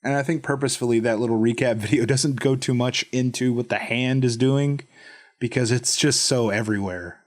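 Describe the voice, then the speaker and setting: A man's voice: mid-range voice, steady tone, fairly quick. A man with a Texan accent, co-hosting a podcast in casual chat, rambling with lots of fillers and restarts. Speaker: podcast co-host.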